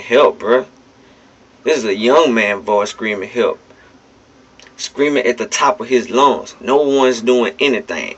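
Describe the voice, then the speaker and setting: A man's voice: lowish voice, fairly bright tone. A man giving casual, blunt, emphatic spoken commentary straight to his listeners, with some swearing. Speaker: vlogger. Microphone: phone. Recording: dull lo-fi phone recording.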